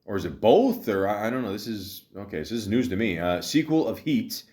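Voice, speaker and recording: Darkish, low and a little fast, the voice of this half-Italian, half-Greek podcast host is very animated. Alone on the mic, he jokes and rambles about a movie, swearing freely and piling up fillers and restarts.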